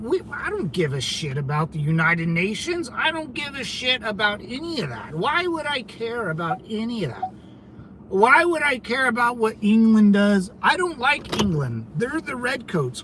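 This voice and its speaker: Brash high-voiced man ranting on a stream. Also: background noise. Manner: brash, combative, mocking. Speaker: channel host reading live chat. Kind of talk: casual livestream chat.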